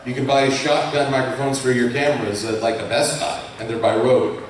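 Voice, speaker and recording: On a live convention panel in a big hall full of people, a young Colorado man who makes YouTube videos talks in a chatty, self-deprecating way. His medium-pitched voice is fairly even in intonation and a little fast, captured distantly with echo and light hiss.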